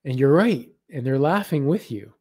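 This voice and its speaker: Man, spiritual channeler, live-stream reading, gentle and halting, mid pitch, dry close sound. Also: lively intonation, husky, no room sound. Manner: gentle, halting, repeats words while channeling.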